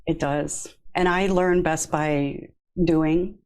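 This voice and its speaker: A woman guest on a podcast, a yoga therapist, telling her story in a warm, chatty way and laughing easily. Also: sits low, steady tone, slow, clean tone, low-quality recording. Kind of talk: casual interview.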